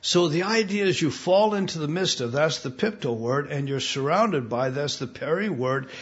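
American man, pastor giving a sermon, emphatic, slightly high voice, muffled lo-fi sound. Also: expressive, normal speed. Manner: emphatic, repeats words, asks the congregation questions. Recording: dull lo-fi recording.

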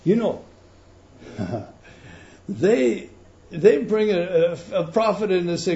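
A man preaching a sermon in an emphatic teaching manner, swinging between loud stresses and quiet intensity. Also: on the high side, takes it slowly, pauses often, lo-fi sound, a little hiss or hum.

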